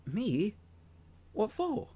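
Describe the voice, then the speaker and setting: A man's voice: high voice, wildly swooping pitch, drawn-out words, warm tone, breathy edge, voice pushed up, exaggerated voice. A man reading aloud, voicing a shy, anxious young rabbit-eared woman with an attempted Australian accent that slips toward British. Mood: flustered. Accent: Australian-ish, slipping British.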